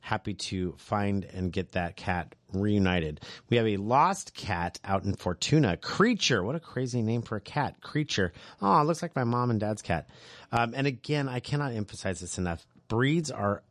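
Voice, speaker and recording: A man's voice: on the low side, expressive, moderate pace, dry recording. Easygoing joking male radio host. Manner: loose, joking, self-deprecating. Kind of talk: casual radio chat and community announcements. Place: radio studio. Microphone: studio microphone.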